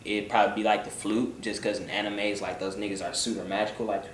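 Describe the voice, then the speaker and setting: A man's voice: on the low side, level tone, fast talker. A young man answering viewer questions in a loose, joking vlog chat, often swearing and trailing off into mumbles. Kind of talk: casual chat. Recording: roomy, from a distance, faint background noise.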